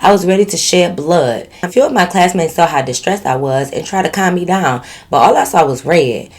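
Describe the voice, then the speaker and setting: Woman vlogger, lowish voice, storytime reader with sassy teasing commentary. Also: lively intonation, brisk, a little mellow. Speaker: channel host. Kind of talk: reading a viewer's story aloud with commentary.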